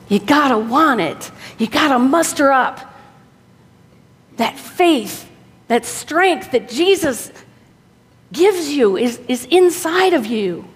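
A woman preacher giving an earnest, exhorting sermon, often dropping soft for emphasis. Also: sits high. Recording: long hall reverb.

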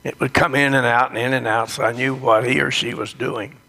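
A man telling a gentle, reflective devotional story, sometimes dropping into a whisper. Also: mid-range voice, fairly even intonation, a little fast, creaky.

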